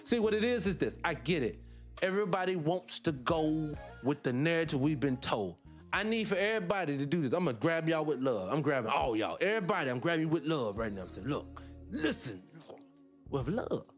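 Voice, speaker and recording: High-voiced impassioned talk show host. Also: male voice, animated, quick pace, soft background music. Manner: impassioned, fires rhetorical questions at listeners; digresses, laughs between points. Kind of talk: livestreamed talk show monologue.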